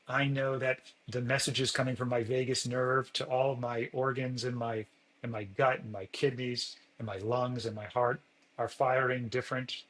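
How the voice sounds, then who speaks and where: A man's voice: mid-range voice, a bit bright, poor audio. Earnest man explaining in an interview. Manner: acts out sample dialogues with a lifted voice. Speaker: physician guest.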